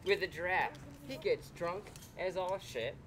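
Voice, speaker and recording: A man who is a musician, chatting casually and telling a joke in a halting, self-deprecating way. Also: high-pitched, noisy background. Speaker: musician guest. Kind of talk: casual chat.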